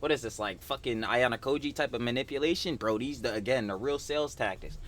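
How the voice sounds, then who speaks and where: A man's voice: mid-range voice, fast, a bit bright. Slangy, profane man chatting. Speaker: co-host. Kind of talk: casual reaction talk.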